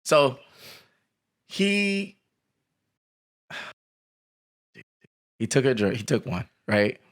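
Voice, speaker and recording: A young man hosting a podcast, telling animated stories in casual chat, acting out quotes and laughing often. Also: medium pitch, very slow. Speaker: podcast host.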